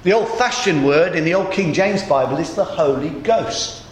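A man preaching a sermon in a conversational storytelling way, his voice a little groggy and hoarse. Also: fairly high pitch, lively intonation, moderate pace, echoey room, a little hiss or hum.

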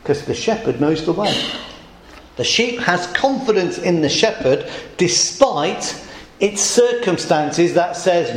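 Guy preaching, voice a bit high, chatty, lots of room echo. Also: animated, measured pace, background noise. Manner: conversational, asks the congregation questions. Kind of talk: sermon. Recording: echoey church room.

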